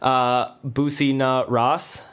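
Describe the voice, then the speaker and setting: A podcast host interviewing a guest in a relaxed, upbeat way. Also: medium pitch, clear, resonant tone. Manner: upbeat, apologetic, quick backchannels. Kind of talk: casual interview.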